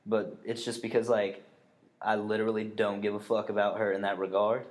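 A man's voice: fairly low pitch, little pitch movement, brisk. Rambling young man telling a story. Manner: rambling, swears often, many fillers and restarts. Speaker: podcast co-host. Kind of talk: casual storytelling chat.

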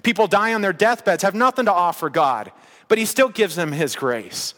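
A man's voice: high voice, animated, moderate pace, a bit bright, big-room sound. A man preaching a sermon in a casual, conversational way, with bursts of emphasis. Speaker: pastor.

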